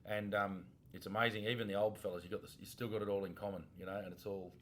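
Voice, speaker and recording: Laid-back Australian ex-cop, low voice. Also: male voice, little pitch movement, quick pace, fairly bright tone, slight background noise. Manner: laid-back, laughs often, casual slang. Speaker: podcast co-host, former police officer. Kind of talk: casual chat.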